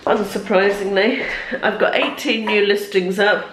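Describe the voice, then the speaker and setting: A woman in her fifties, hoarse and congested with a cold, chatting casually to camera as a lifestyle vlogger in her bedroom. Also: medium pitch, steady tone, a little slow, a bit bright, a little hiss or hum. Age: 50s. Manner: chatty, self-deprecating, rambling. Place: bedroom at home.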